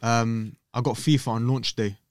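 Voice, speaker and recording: A young man telling stories on a podcast, lively and animated, slipping into the voices of people in his stories. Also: medium pitch, normal speed, clear, resonant tone, dry recording, clean studio sound. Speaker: podcast guest. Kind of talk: casual storytelling chat. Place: podcast studio.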